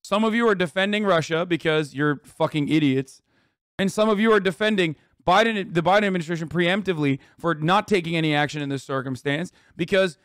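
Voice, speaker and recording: A man's voice: fairly high pitch, a little fast, fairly bright tone, clear, resonant tone, no room sound, clean studio sound. A man ranting angrily and profanely at his chat during a livestream, reading news aloud between outbursts. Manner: angry, profane, reads news aloud then rants at chat. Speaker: streamer reacting to news. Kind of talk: heated livestream rant.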